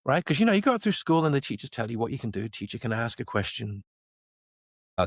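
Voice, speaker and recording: A middle-aged man from the Isle of Man, guesting on a podcast as a space company CEO, talks at a quick pace in a mid-range voice. He's an animated storyteller who acts out the people he quotes, heard in clean studio sound with no echo.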